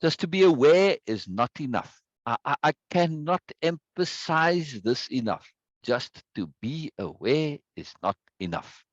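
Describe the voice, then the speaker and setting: Man, online course teacher, emphatic, repeats words, animated voice, dry dull sound. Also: on the high side, a little slow, no echo. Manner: greets viewers by name from chat. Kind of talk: live online lesson with chat.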